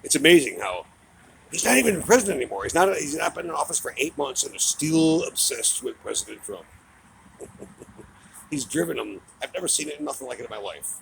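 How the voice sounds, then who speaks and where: Gravelly-voiced man in a profane rant. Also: fairly high pitch, sing-song, fairly quick, slight background noise, low-quality recording. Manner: profane, heated, mocking. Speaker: political commentator. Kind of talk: angry political rant.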